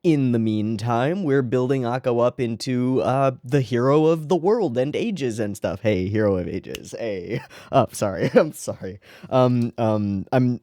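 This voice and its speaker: An anime reaction host talking casually and excitably, rambling into giggly asides while watching an episode. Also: mid-range voice, no echo, studio quality.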